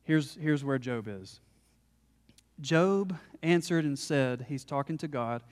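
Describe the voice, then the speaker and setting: A man's voice: fairly high pitch, animated, slow. Impassioned male pastor in a reverberant hall. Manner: impassioned, rising to loud emphasis when voicing Job. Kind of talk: sermon.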